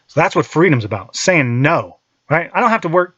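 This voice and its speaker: Animated, profane man in his thirties. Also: a little high, a little fast, husky, no echo, muffled recording. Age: 30s. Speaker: podcast host and holster maker. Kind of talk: casual monologue.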